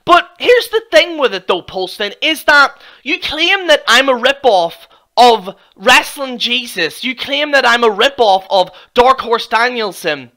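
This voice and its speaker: A young Irish man, a wrestling YouTuber, ranting and mocking another channel in a profane, excitable reaction video. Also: extremely high pitch, a little slow. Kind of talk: reaction rant.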